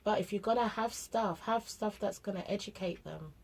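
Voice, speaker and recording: Husky-voiced British mum giving blunt advice. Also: female voice, medium pitch, moderate pace, rough recording. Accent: British English. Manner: chatty and blunt, with street slang, acting out family exchanges. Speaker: parent vlogger. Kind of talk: casual monologue giving parenting advice.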